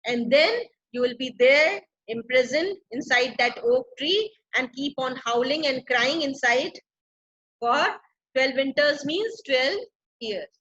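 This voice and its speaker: Woman teacher explaining a play, fairly high bright voice, says everything twice in plainer words. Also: slow, muffled recording. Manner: paraphrasing and repeating for clarity. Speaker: English literature teacher.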